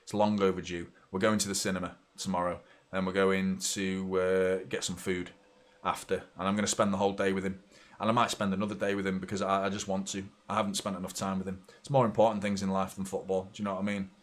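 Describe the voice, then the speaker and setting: Low-voiced and fast-talking, this thirtysomething man from the UK runs a live football watchalong. He reacts to the match bluntly and with plenty of swearing, gets fired up when play intensifies, and chats with viewers.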